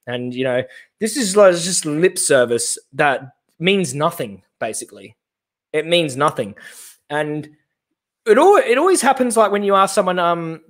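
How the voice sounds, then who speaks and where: A man reacts live on a stream. He rambles with sarcastic asides, and his voice is a touch higher than most men's. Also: very animated, moderate pace, fairly bright tone. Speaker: host.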